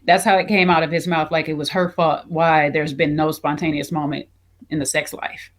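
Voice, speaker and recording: A woman's voice: sits low, little pitch movement, moderate pace. A woman co-hosting a casual review podcast, recounting scenes in a chatty way with many fillers. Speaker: podcast co-host.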